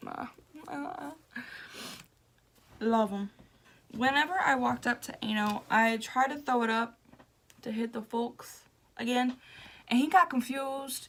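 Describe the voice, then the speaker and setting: A young woman chats to her camera, gushing and excitable, often laughing and trailing off mid-thought. Her voice is bright and fairly high, and she talks at an unhurried, drawn-out pace. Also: gravelly. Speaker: vlogger. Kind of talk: casual storytelling to camera.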